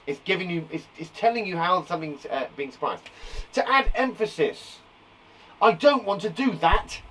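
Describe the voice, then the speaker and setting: A man's voice: on the high side, a bit bright, recorded from a distance, slight background noise, low-quality recording. A man teaching a live online lesson to young children, upbeat and playful, from a small garden shed. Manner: upbeat, playful, exaggerated sound effects. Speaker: primary school teacher.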